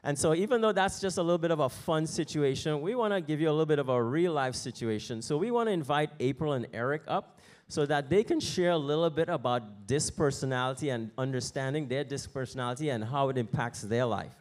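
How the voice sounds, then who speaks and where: A male pastor preaching in a relaxed, conversational way, leading into a lesson through a story. His voice sits slightly high. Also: fairly quick. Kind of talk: sermon with story.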